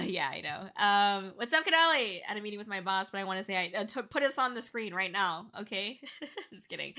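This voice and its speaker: A woman's voice: mid-range voice, bright, forceful tone. A young woman from Canada streaming live, chatting casually with chat and thanking viewers. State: tearful and shrieking with excitement. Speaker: VTuber streamer. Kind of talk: casual livestream chat reading chat.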